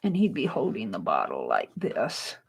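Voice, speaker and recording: A woman hosting a casual craft livestream, chatting and laughing at her own drawing as she works, sometimes dropping to a soft murmur. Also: extremely low pitch, huge pitch swings, normal speed, gravelly, breathy edge, low-quality recording.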